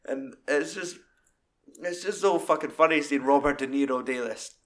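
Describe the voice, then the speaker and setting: A man in casual, sweary film chat, acting out scenes in high put-on voices. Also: moderate pace.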